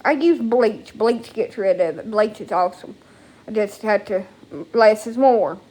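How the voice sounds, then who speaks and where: A woman talks into her phone at home in a loose, rambling monologue. She sounds emotional and swears freely. Her voice sits at an ordinary middle pitch. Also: unhurried, a little mellow. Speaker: vlogger. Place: at home, indoors.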